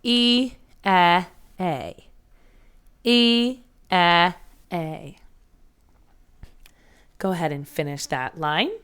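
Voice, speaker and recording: A woman's voice: lowish voice, extremely slow, pauses often, a bit bright, clean tone. A woman teaching a first grade phonics lesson, patiently sounding out letters and words for young children.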